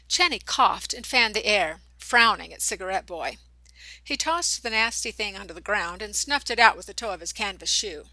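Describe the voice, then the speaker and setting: A woman narrating a young adult novel as an audiobook, reading in an expressive storytelling manner. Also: medium pitch, no room sound, poor audio.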